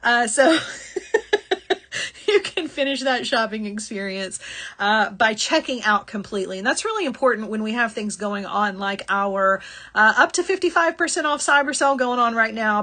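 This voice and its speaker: A woman's voice: a little high, animated, normal speed, pushed and bright. A middle-aged woman hosting a live jewelry-making shopping stream, chatty and apologetic, laughing often. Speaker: jewelry-making show host.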